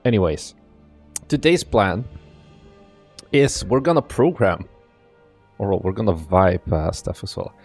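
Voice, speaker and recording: Hoarse young man streaming casually. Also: sits low, slow, pauses often, soft background music. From Belgium. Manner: chatty, greets chat by name, rambling asides. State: strained, partly lost voice. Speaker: game dev streamer. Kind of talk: casual live stream chat.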